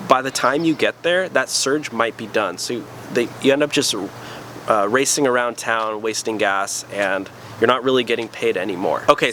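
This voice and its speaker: A man hosts his own channel, offering casual rideshare-driver tips in a pushed, bright, medium-pitched voice over slight background noise. It's chatty talking-head advice with upbeat openers and plenty of "um"s and "you know"s.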